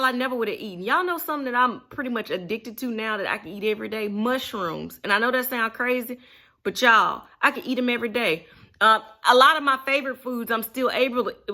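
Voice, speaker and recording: A woman from Mississippi with a Southern accent chats unscripted to her viewers in a folksy way, calling them y'all. As a vlogger, she speaks in a fairly high, bright, forceful voice.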